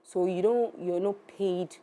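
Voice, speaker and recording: A woman's voice: on the low side, fairly even intonation, a little slow, mellow. A woman, an actress guest giving earnest advice in an interview. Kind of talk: interview answers. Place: TV studio.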